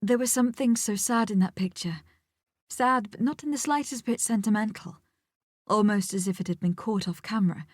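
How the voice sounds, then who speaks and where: A woman's voice: medium pitch, moderate pace, no room sound, close to an everyday voice. A woman voicing a young female art student in an audiobook, pleading and emotional, her voice close to cracking. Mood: earnest. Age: young adult. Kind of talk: audiobook character voice.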